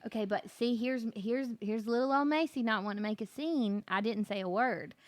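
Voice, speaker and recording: A woman's voice: on the high side, normal speed. A woman guest on a podcast, chatting and telling stories in a rambling, filler-heavy way. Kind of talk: casual chat.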